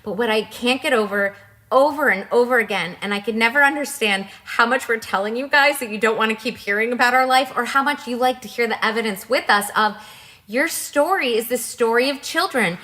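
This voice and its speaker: Bright, emphatic woman podcast co-host. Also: a little high, a little fast. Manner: emphatic, reactive. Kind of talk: casual podcast chat.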